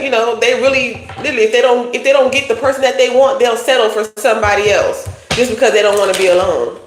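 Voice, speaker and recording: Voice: mid-range voice, fairly bright tone, a little hiss or hum. A tarot reader giving a casual livestream reading, talking bluntly in profane slang. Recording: roomy echo.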